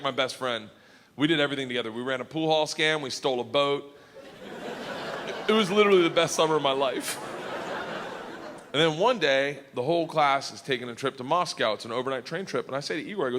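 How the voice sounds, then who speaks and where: A man doing stand-up comedy, telling a story loudly with laughs and shouted punchlines on a theater stage. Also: on the high side, lively intonation, fast talker, long reverb tail, a little hiss or hum.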